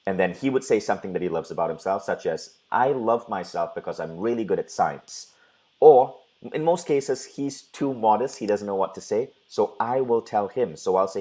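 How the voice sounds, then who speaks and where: A man with a fairly low voice hosts a conversational talk show. He is earnest, tells a personal story at length and quotes the people in it as he goes. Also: fairly quick, darkish tone, rough recording. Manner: earnest, retells scenes with quoted dialogue. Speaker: host.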